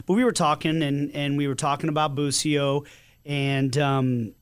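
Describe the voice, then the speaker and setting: A man's voice: a little high, fairly even intonation, normal speed, clean tone. A man hosting a podcast, telling anecdotes in a casual, conversational way. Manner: conversational anecdotes, some repeated words. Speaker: podcast host.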